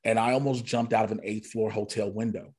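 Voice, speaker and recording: A man's voice: fairly low pitch, steady tone, brisk, darkish tone, breathy edge. A man, a guest comedian, candidly telling a personal story in a casual podcast conversation, quoting himself and others as he goes.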